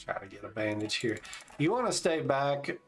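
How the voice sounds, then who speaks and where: A man's voice: mid-range voice, sing-song, moderate pace, soft background music. A man in his forties streaming a game, chatting casually and calling out tactics as he plays. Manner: laid-back, chatty, calls out tactics between stories. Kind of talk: casual gameplay commentary.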